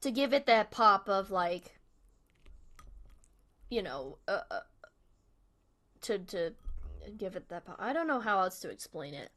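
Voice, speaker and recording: A young woman hosting a live stream, softly chatting and rambling in casual commentary as she watches a video, with small laughs, close to a desk mic at home. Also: mid-range voice, very animated, a little slow, long pauses. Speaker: livestream host. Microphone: desk microphone close up.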